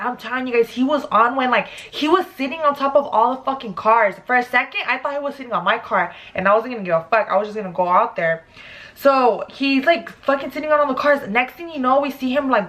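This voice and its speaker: A young woman vlogger telling a story casually while doing her makeup, animated and profane, with constant "like" fillers. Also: a little high. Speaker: beauty vlogger.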